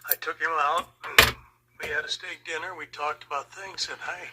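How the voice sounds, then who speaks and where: An older man and Vietnam veteran, telling a personal story slowly and with emotion. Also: a little high, steady tone, heavy background noise. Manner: slow, emotional, reflective.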